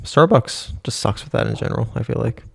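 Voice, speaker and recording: A man's voice: medium pitch, animated, brisk, creaky, background noise. A tired young man co-hosting a casual podcast who answers with dry, teasing remarks. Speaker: podcast co-host. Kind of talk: casual chat.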